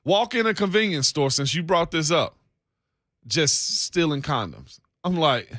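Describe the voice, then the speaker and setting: A man's voice: fairly high pitch, a little slow, no echo, studio quality. A young adult man co-hosting a sports radio show, telling stories in casual banter and laughing often. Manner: animated storyteller, laughs often. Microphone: studio microphone.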